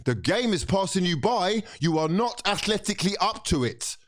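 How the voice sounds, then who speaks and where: A young man vents about his team in a profane, exasperated reaction rant. His voice swings wildly in pitch, rising to shouts of disbelief and falling to low, bitter muttering. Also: lively intonation, moderate pace, slight background noise. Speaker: football fan vlogger. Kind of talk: angry fan reaction rant.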